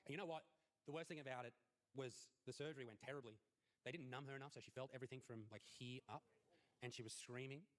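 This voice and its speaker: A man's voice: mid-range voice, fast. A man, telling a crude, profane stand-up story and acting out the scenes. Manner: brash, profane, acts out scenes. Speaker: stand-up comedian.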